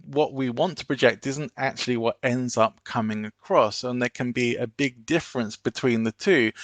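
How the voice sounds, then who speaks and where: A man giving an online business presentation, coaching the audience in a measured, instructive way. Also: medium pitch, vocal fry, a bit bright, no echo.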